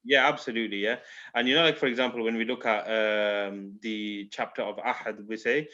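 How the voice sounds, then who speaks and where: A man's voice: fairly low pitch, fairly even intonation, moderate pace, bright, forceful tone. Male recitation teacher on a video call, muffled lo-fi sound, patient, keeps checking students follow. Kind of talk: online class teaching. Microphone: video call microphone.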